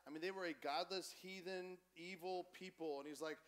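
A man preaching a conversational, animated sermon as pastor in a church. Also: high voice, moderate pace. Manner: animated, conversational preaching, acts out quoted voices.

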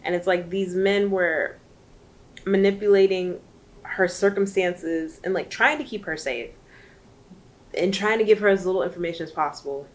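Lady gushing about a book she read, kinda low voice, rambly and emotional, lots of ums. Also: normal speed. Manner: chatty and emotional, rambling with many fillers. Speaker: book reviewer. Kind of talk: casual chat.

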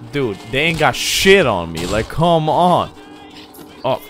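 A young man giving loud, joking, profane commentary while playing a video game. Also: mid-range voice, big pitch swings, takes it slowly, soft background music. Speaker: gaming video creator. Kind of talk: let's-play commentary.

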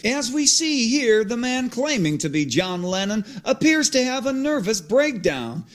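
A formal television news reporter reads in a steady broadcast cadence, set a little higher, as a man plays him. The tone is clean and official. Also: a little slow, heavily acted.

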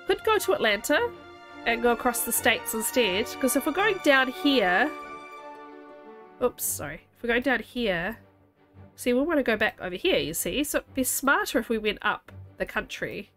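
A woman streaming a game, chatting and thinking aloud excitedly, a little under the weather. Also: a little high, moderate pace, faint music behind. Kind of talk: casual game commentary.

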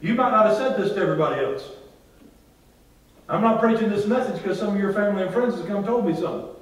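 A man preaching a sermon as pastor, drawing responses from the congregation and swinging between loud and hushed delivery. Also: high voice, expressive, fast. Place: large church hall. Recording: very echoey church hall, from far off.

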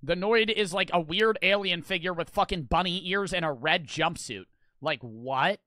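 A man's voice: high-pitched, normal speed, bright, forceful tone, dry recording. A young man streaming, telling a story casually, rambling and swearing a lot.

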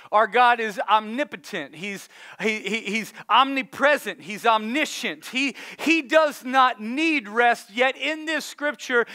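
Give me a male pastor in his thirties, a high, bright and clear-toned man, preaching a lively, joking sermon that pulls the room into call-and-response and breaks into acted-out shouts at his kids.

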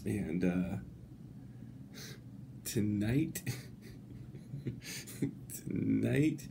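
A man telling a rambling comic anecdote, swearing freely and breaking into laughter between halting phrases. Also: on the low side, lively intonation, vocal fry, background noise. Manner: laughs through his words, swears a lot; halting, many restarts. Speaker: storyteller.

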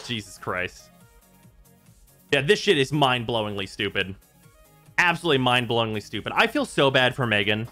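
Speaking at an ordinary pace with long pauses, this mid-range male voice comes over soft background music. He's a gaming streamer whose casual chat turns into exasperated, animated rants full of profanity.

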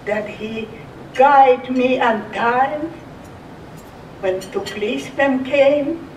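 A woman's voice: high voice, drawn-out words, a little mellow, recorded from a distance, slight background noise. A woman in her eighties from Russia with a Russian accent, telling her life story in simple, broken English. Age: 80s. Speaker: survivor giving oral history. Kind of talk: personal testimony. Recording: echoey room, off-mic.

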